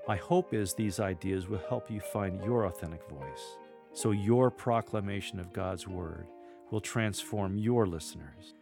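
A lector coach with a low voice guides listeners through scripture reading on an instructional podcast. He's measured, reading passages aloud to demonstrate, with deliberate pauses.

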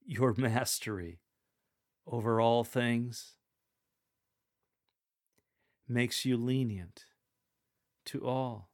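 In a mid-range voice, a man instructs a lector on how to read scripture aloud, taking a careful, instructive approach while demonstrating with readings of his own.

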